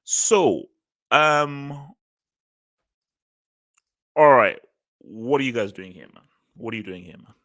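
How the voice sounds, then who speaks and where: A man's voice: mid-range voice, lively intonation, slow, long pauses, a bit bright. A man hosting a casual football livestream, talking loosely with repeated phrases and easy laughs. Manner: loose, repetitive, laughing easily. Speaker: host.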